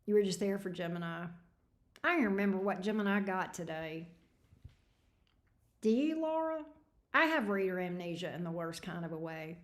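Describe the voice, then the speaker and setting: A woman's voice: lowish voice, normal speed, long pauses. Snarky, tired woman streamer. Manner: snarky, laughing, reading chat messages aloud. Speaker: tarot reader hosting a livestream. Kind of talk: casual livestream chat with viewers.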